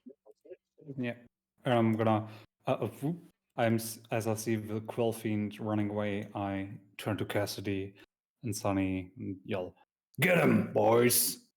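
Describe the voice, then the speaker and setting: A man's voice: on the low side, little pitch movement, measured pace, darkish tone. A man playing a tabletop game on stream, talking hesitantly with many ums. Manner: hesitant, many ums, mutters when he slips. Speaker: player.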